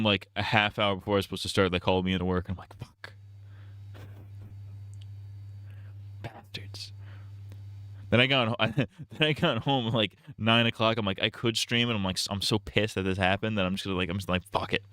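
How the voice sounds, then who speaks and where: Low-voiced joking male streamer. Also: racing, few pauses, fairly bright tone, clear, resonant tone, no room sound. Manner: rambling, joking, laughs often, swears. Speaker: streamer, host. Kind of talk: casual live-stream chat over gameplay.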